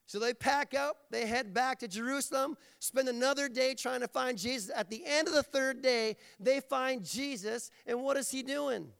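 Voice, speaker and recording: Gravelly high-voiced preacher in a hall. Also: male voice, moderate pace, hardly any pauses, fairly bright tone. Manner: playful, jokey storytelling. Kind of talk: sermon. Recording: long reverb of a large hall.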